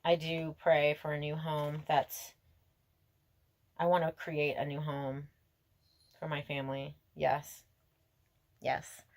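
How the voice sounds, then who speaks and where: A woman's voice: deep voice, level tone, slow, long pauses, darkish tone, a little hiss or hum. A woman giving a casual tarot reading to camera outdoors, gushing and emotional, laughing and musing aloud to herself. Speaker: tarot reader.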